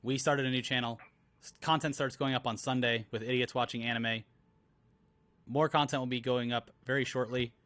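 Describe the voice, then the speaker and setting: A man's voice: medium pitch, fairly even intonation, normal speed, a bit bright. A young man co-hosting a live-stream town hall, talking casually with jokes and plenty of fillers. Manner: joking, rambling, many fillers. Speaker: co-host.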